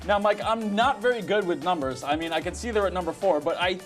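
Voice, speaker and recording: Young man, fairly high voice, wry teasing sports banter, soft music behind. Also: fast. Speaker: sports highlights co-host. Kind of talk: joking sports banter and news reading.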